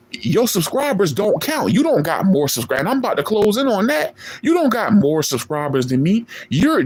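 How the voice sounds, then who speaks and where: A man, streaming a boastful, profane callout rant at a rival in street slang. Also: high voice. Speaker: online streamer.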